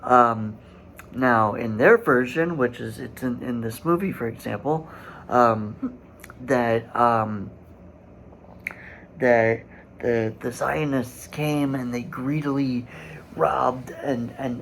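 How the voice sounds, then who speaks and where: A man hosting a solo commentary podcast, speaking in a halting way with many fillers and restarts and growing indignant. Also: mid-range voice, vocal fry, a little hiss or hum, poor audio. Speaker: podcast host.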